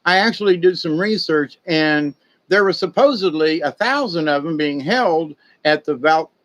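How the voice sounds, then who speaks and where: Folksy rambling man, slightly high voice. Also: normal speed, fairly bright tone. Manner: folksy, digressive, conspiratorial storytelling. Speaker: spiritual talk host. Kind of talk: rambling casual monologue.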